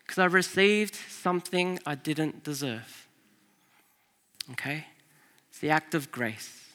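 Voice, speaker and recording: A man preaching a sermon as pastor, telling a family story in an animated way, swinging from loud to hushed. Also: a little high. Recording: long hall reverb.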